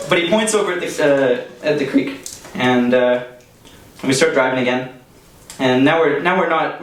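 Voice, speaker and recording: A man's voice: mid-range voice, distant mic, a little hiss or hum. A young man from Canada telling a personal story to a live audience, chatty and casual, with plenty of fillers and laughter. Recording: echoey room, heard from off the mic.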